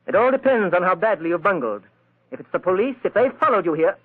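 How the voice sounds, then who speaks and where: A man's voice: high-pitched, lively intonation, fast, narrow, tinny audio. An actor playing a flustered middle-aged male crook who stammers and turns defensive, from an old radio broadcast. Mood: threatening. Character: panicky middle-aged male art collector turned crook.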